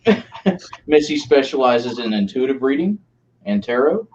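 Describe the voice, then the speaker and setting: A man on a paranormal team, describing their work in a casual, halting way with many fillers. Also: medium pitch, big pitch swings, noisy background. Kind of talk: casual live-stream chat. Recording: dull lo-fi call audio.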